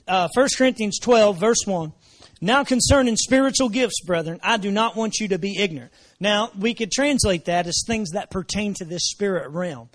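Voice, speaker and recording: A man preaching a sermon, repeating his phrases and dropping in praise exclamations, moving from low murmurs to shouted emphasis. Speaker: pastor.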